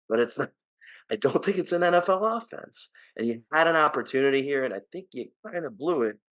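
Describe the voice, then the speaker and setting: A man co-hosting a casual sports podcast with a New Jersey accent. His delivery is opinionated and ranting, laced with swearing, and his voice sits at an ordinary middle pitch for a man. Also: fairly bright tone. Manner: opinionated, ranting, swears, rising to exasperated outbursts. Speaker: podcast co-host.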